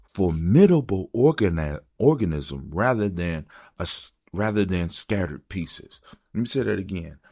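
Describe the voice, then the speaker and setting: A man's voice: deep voice, vocal fry, a little mellow, slightly rough. A man hosting a motivational talk, preacher-like, repeating mantras and dropping into whispers. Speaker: host.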